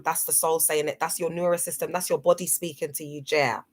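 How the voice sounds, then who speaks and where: A woman hosts a motivational livestream in a fairly low voice. She talks earnestly and directly to her viewers, calling them "guys" and reading passages from her notes. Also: normal speed, hardly any pauses, a bit bright. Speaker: livestream host.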